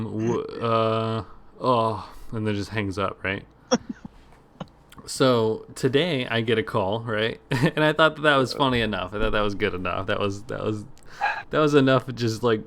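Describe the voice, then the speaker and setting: Podcast co-host, animated storyteller, swears freely, mimics callers. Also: male voice, fairly low pitch, clean tone. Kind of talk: casual storytelling chat.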